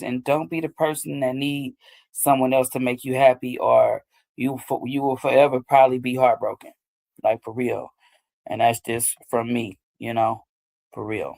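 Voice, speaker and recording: A woman with a bass voice hosts a show, giving casual, loose advice about healing after heartbreak and often asking "you know what I'm saying." Her tone is steady and dark, and she speaks at a moderate pace.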